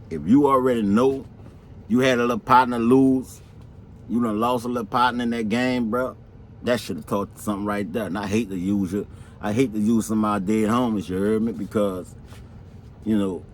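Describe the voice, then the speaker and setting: A middle-aged man talking in a loose, laid-back street drawl, tossing in slang and checking in with his listener all the time. His voice sits at an ordinary mid pitch for a man. A faint hiss of noise runs under the recording. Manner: slangy, laid-back, keeps saying "you heard me". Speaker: interviewee. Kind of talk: casual street talk.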